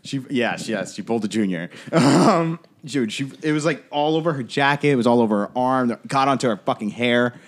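A young adult man co-hosting a podcast tells a story in casual chat, rambling and profane and packed with fillers. His mid-range voice is expressive and brisk, with few pauses.

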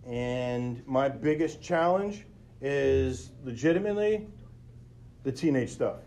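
A man's voice: mid-range voice, lively intonation, slow, a little mellow. A middle-aged man with a mid-range voice talks earnestly through a personal story, explaining things plainly to his listeners. A faint hiss of background noise sits under the recording. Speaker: podcast host.

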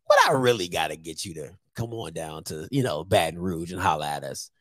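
A man voicing a smooth-talking male college football recruiter who makes a coaxing, mumbled pitch. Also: very animated, a little fast, a bit bright, no echo, studio quality.

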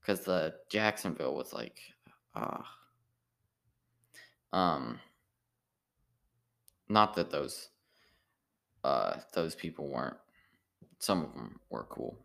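Tired, gravelly deep-voiced man rambling. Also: expressive, a bit bright. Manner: meandering, halting, full of restarts and filler. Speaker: amateur stand-up comedian. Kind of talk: rambling casual monologue.

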